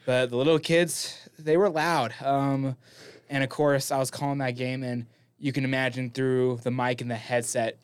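A man's voice: mid-range voice, flat delivery, moderate pace, clear, resonant tone, dry recording. Chatty young man, campus game announcer. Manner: chatty, upbeat, rambling storyteller. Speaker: college sports broadcaster and podcast co-host. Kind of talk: casual sports recap chat.

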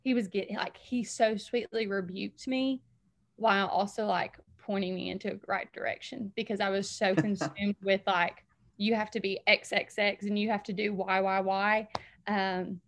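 A woman tells a deeply personal faith story as a guest. She speaks earnestly and with feeling, leaning on "like" and "um" as she goes. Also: steady tone, normal speed. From Alabama, US. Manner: earnest, emotional storytelling with frequent "like" and "um". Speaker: interview guest.

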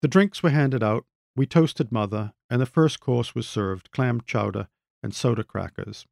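A man reads his own short story in a measured, wry manner. His voice is gravelly, at an ordinary pitch. The close, dry recording has no room around it. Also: a little mellow, no room sound. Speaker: author reading his story. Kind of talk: literary reading.

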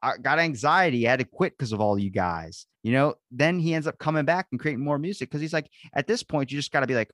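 A man's voice: mid-range voice, expressive, fast talker, hardly any pauses, fairly bright tone, dry recording, clean studio sound. A man hosting a podcast, telling rambling stories in casual chat, swearing a lot and acting out quotes. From grew up in a beach town. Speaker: podcast host.

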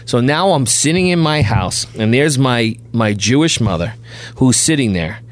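A middle-aged man from New York, a podcast guest telling a lively anecdote who jumps into high, loud voices for the people he quotes. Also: normal speed. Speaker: podcast guest, bail bondsman.

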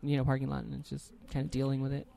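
A woman's voice: very deep voice, completely flat delivery, rapid-fire, gravelly, mellow. A young trans woman, a podcast guest, telling personal stories in casual chat with many fillers and restarts.

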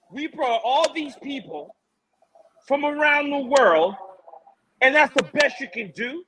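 A man co-hosting a fight preview show, ranting in an animated, mocking and exasperated way. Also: very high voice, slow pace, long pauses, noisy background. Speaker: MMA show co-host.

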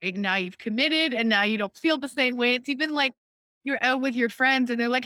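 A woman hosting a casual chat, explaining an idea in a lively way, often checking in with "right?" and acting out quoted thoughts. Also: on the high side, a little fast, no echo. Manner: lively, acts out quoted inner voices, frequent "right?". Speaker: host explaining a personal decision-making method.

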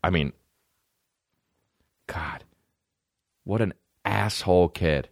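A man's voice: low-pitched, drawn-out words, gravelly, dry recording, clean studio sound. A man hosting a podcast alone, telling rambling, profane comic stories. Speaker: podcast host. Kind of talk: comedic storytelling.

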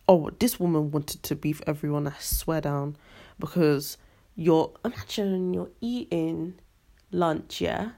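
A young woman hosting a podcast, telling stories in an animated, ranting, slangy monologue. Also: fairly low pitch, a little slow, vocal fry. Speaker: podcast host. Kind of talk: casual storytelling monologue.

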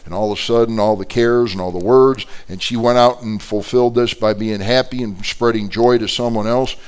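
Animated storytelling pastor. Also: male voice, on the low side, fairly quick, smooth. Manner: animated storyteller with frequent fillers and restarts. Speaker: pastor teaching a Bible class. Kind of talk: sermon-style Bible class teaching.

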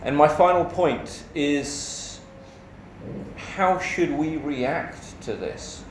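A man's voice: fairly high pitch, slight background noise. Male preacher, emphatic sermon delivery, echoey hall with faint ambience. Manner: measured, emphatic delivery with rhetorical questions.

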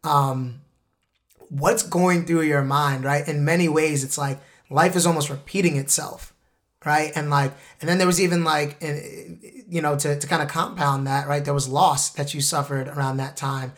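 A man's voice: fairly high pitch, steady tone, moderate pace, fairly bright tone. A male host asking probing, reflective questions in a casual interview.

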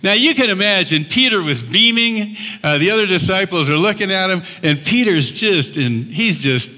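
Guy pastor preaching, bright forceful voice, lots of hall echo, acts out the quotes. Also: sits high, moderate pace. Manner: animated storytelling, acts out quotes with laughs. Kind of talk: sermon. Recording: long hall reverb.

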